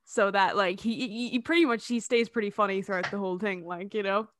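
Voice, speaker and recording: A woman's voice: medium pitch, fairly quick, a bit bright, slight background noise. A young woman co-hosting a casual movie review chat, chatty with lots of fillers. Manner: chatty, many fillers, laughs easily. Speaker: podcast co-host.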